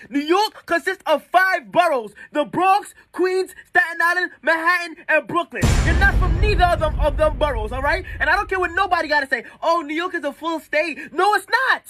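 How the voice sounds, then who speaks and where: A woman's voice: extremely high pitch, animated, normal speed, pushed and bright. A woman ranting bluntly in a social media clip, emphatic and slangy.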